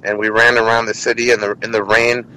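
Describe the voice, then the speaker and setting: A man who hosts a comedy interview podcast, telling stories in an animated, casual way with lots of restarts. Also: medium pitch, fast talker, slight background noise, rough recording. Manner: animated, many restarts and quoted voices.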